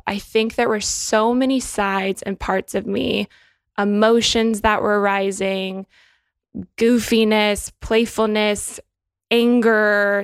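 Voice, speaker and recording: A woman's voice: medium pitch, creaky, no echo, studio quality. A woman co-hosting a podcast, talking in an earnest, encouraging and reflective way. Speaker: podcast co-host. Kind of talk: reflective wellness podcast talk.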